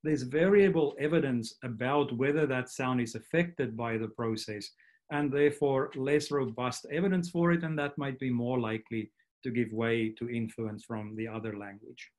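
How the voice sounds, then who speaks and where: A man's voice: mid-range voice, normal speed, a little mellow. A man giving an academic linguistics talk online, explaining steadily and now and then restarting a phrase. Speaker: linguistics lecturer. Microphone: computer mic on video call.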